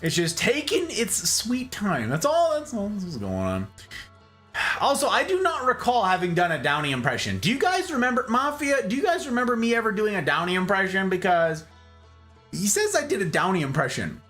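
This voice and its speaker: A man's voice: high voice, wildly swooping pitch, moderate pace, fairly bright tone, faint music behind. A man streaming a game live, chatting casually and bantering with his viewers, laughing often.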